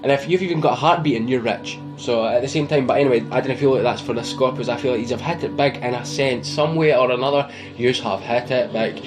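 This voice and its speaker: A man's voice: mid-range voice, fast talker, few pauses. A man with a Scottish accent giving a casual, rambling tarot reading to camera, teasing his viewers and laughing at himself. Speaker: tarot reader. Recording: music playing behind.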